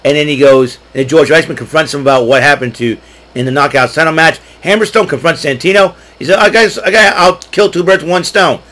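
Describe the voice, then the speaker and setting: Male solo podcast host, excitable and conversational, frequent throat clearing. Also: fairly high pitch, rough recording. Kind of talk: casual solo recap.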